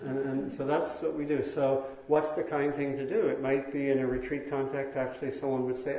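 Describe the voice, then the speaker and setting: A man teaching meditation in a dharma talk, speaking slowly and thoughtfully with pauses and fillers. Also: medium pitch, little pitch movement, dark tone. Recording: very echoey hall.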